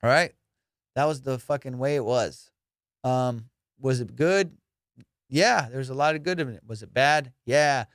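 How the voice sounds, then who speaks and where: Speaking a little slowly in a mid-range voice, a young adult man hosts a podcast in studio quality without echo. He is an immigrant raised abroad, and his funny stories come out casual, profane and animated as he plays both sides of the conversations.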